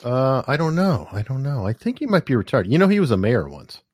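A man's voice: medium pitch, brisk, dry recording, studio quality. A middle-aged man in casual podcast chat, self-deprecating and telling stories. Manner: self-deprecating, lively storyteller.

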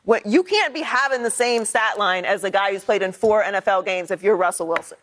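A woman's voice: medium pitch, brisk, a little hiss or hum. A woman on a sports talk panel, laying out her argument firmly and methodically with statistics. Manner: firm, lays out stats methodically. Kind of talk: sports debate.

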